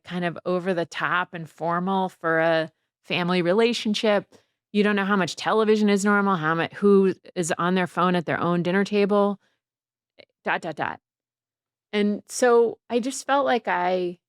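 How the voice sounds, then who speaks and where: A middle-aged guest author talks reflectively in a casual interview, quoting people in lively voices. Her medium-pitched voice is captured in studio quality with no echo.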